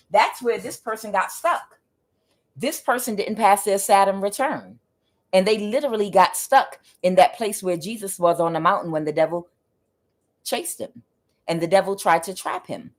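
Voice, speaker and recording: A woman's voice: fairly low pitch, moderate pace. A woman tarot reader giving a spiritual reading in an emphatic, preachy way, with frequent fillers.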